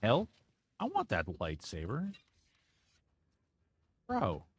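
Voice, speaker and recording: A man's voice: on the low side, huge pitch swings, extremely slow, husky. A man streaming a game and chatting casually, rambling and reacting as he plays, swearing freely into a close desk mic. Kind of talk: casual live-stream gameplay commentary.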